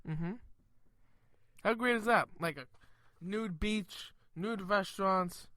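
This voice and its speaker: A man's voice: sits high, slow, pushed and bright, no room sound. A man co-hosting a comedic radio talk show, chatting and laughing as he relays odd news stories. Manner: chatty, laughs mid-sentence while telling stories.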